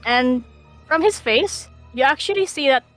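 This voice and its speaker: A woman narrating a tabletop game as game master, lively and quick to laugh. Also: high-pitched, no room sound, soft background music. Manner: lively, laughs often, thinks aloud.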